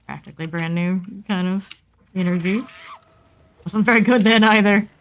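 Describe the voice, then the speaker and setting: A woman's voice: medium pitch, moderate pace. Playful woman streamer talking to herself. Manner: chatty, playful self-talk with sudden excited squeals. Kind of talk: casual gameplay commentary.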